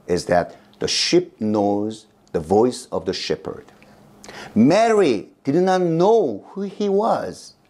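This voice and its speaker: A middle-aged male pastor with a Korean accent, preaching a sermon in a slow, emphatic way. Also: a little mellow. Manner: slow, emphatic delivery with big pitch swings.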